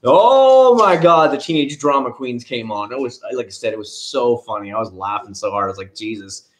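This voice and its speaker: A man's voice: fairly low pitch, flat delivery, a little fast, fairly bright tone. A middle-aged man casually chatting on a live stream, rambling from story to story, greeting viewers by name and swearing freely. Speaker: car vlogger reading live chat.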